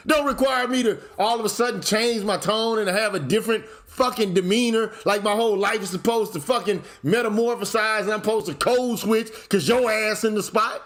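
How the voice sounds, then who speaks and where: A man hosting his own channel, speaking in casual commentary, blunt and profane, at times working up into shouted rants. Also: high voice, moderate pace. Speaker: channel host.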